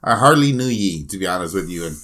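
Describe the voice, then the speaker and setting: Man, animated up-and-down delivery, crude joking, casual podcast riffing. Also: low-pitched, quick pace. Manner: joking, riffing, crude, laughs at own jokes. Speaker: podcast co-host. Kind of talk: casual profane chat.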